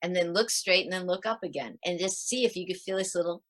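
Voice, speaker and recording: A middle-aged woman on a video call, giving parenting advice in a lively interview and acting out her tips with sighs. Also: on the low side, quick pace. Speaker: parenting author guest. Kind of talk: animated interview talk.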